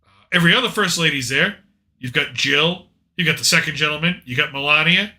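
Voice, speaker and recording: A man hosts a podcast in a loose, rambling way, full of opinions and jokes. His voice sits a little high and rings very bright. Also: fairly quick. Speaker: podcast host. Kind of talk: casual political chat.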